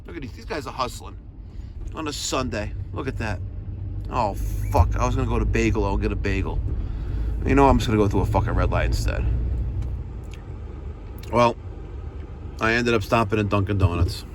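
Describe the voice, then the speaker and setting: A man's voice: on the low side, moderate pace, long pauses, background noise. A man, a heating technician from New York, ranting profanely while he drives to a service call, recorded in his car. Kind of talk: driving vlog rant. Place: in a car, driving.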